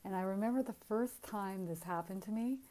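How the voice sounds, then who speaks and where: Calm, mellow-voiced woman spiritual teacher. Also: medium pitch, brisk. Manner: calm, earnest and encouraging.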